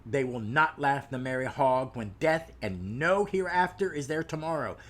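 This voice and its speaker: A man reading a vengeful ghost pirate's curse aloud from a comic, slow and solemn. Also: mid-range voice, expressive, a bit bright, lightly acted. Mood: grim cursing.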